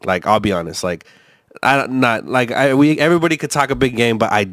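A man's voice: mid-range voice, brisk, a bit bright, no room sound, clean studio sound. A man rambling through a casual podcast chat, swearing often and restarting his sentences with lots of fillers. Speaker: co-host reacting to a video.

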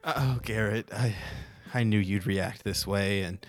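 A man's voice: lowish voice, faint music behind, natural voice. A man voicing a prim, status-minded gnome mother at a fancy party, talking down to people and restarting his sentences often. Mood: dismissive. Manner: condescending, halting with many restarts.

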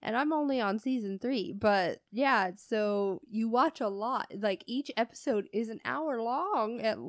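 A woman's voice: a little high, unhurried, no room sound, studio quality. A young woman cohosting a casual podcast who swears freely and laughs often. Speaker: podcast co-host. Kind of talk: casual chat.

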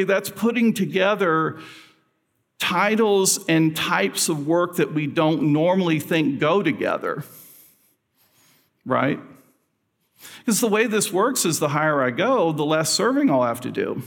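A middle-aged man preaching in an easy, conversational way, with chuckling asides. His voice runs a little high and gravelly. It rings out with the long reverb of a large hall. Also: lively intonation, measured pace, long pauses. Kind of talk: sermon.

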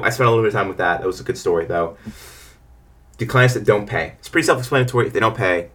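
A young man with a low voice talks fast and rambles as he tells stories from his lawn care business. He gives frank advice in a loose, casual way. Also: fairly bright tone.

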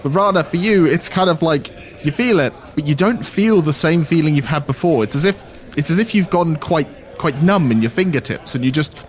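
A man runs a tabletop game, narrating events casually and thinking aloud as he checks the rules. His voice sits a little high. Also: lively intonation, fairly quick, few pauses. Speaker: game master.

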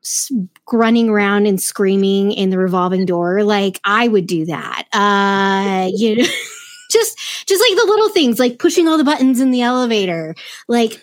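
A woman on a podcast call with a fairly high voice who rambles in a bubbly way, full of likes and ums. The sound is dry and close. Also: lively intonation, normal speed, no room sound. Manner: bubbly, rambling, many fillers. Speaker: podcast guest. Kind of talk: casual podcast discussion.

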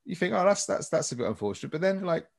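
A man's voice: high-pitched, sing-song, fast, creaky. A man on a podcast, teasing his co-host with mock-dramatic banter and frequent laughter.

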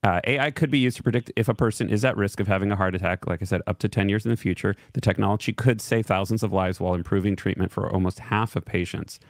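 A man's voice: on the low side, fast, few pauses, dry recording, studio quality. A man co-hosting a show, chatting about the news with wry, sarcastic quips. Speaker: show co-host. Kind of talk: casual news chat.

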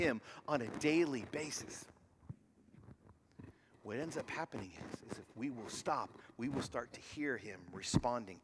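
A man preaching a sermon as pastor, moving from loud emphatic lines to hushed near-whispers and acting out voices in his stories. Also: mid-range voice, normal speed, pauses often, background noise. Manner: acts out quoted voices while telling a story.

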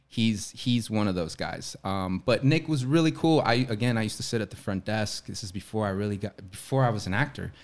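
A man's voice: fairly low pitch, fairly quick, hardly any pauses. A young man from Florida, an actor, telling stories in casual chat and acting out the quoted lines. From Orlando, Florida. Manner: animated storyteller acting out quotes. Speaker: actor and guest.

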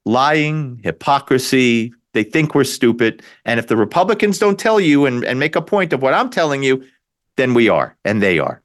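At a moderate pace and medium pitch, a talk radio host delivers a sarcastic, opinionated political rant. He's animated, frequently restarting and repeating himself.

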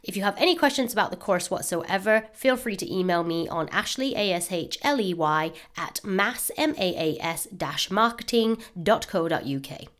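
A woman hosting a podcast, giving an upbeat, eager promotional announcement with animated emphasis. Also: medium pitch, normal speed, hardly any pauses. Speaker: podcast host.

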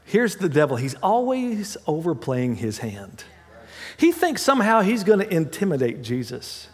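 Delivering a sermon, a man serving as pastor walks through scripture in a conversational style, adding asides and correcting himself quickly. His pitch runs on the high side and swoops wildly, and the audio has a big-room sound.

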